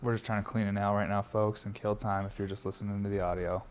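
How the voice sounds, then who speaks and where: A man's voice: lowish voice, level tone, fast, a little hiss or hum. A young man hosting a podcast, rambling in a laid-back way with lots of swearing. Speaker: podcast host. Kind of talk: casual stoner podcast chat.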